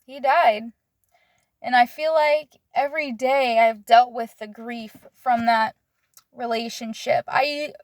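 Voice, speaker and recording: A young woman in earnest, halting confessional storytelling, often pausing to search for her words. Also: fairly high pitch, no room sound, studio quality.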